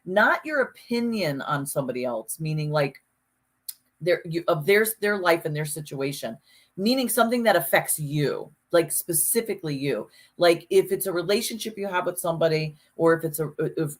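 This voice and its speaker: A woman with a fairly low voice talks in a loose, casual podcast chat. She is animated and emphatic, and she swears freely as she works through her thoughts. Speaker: podcast co-host.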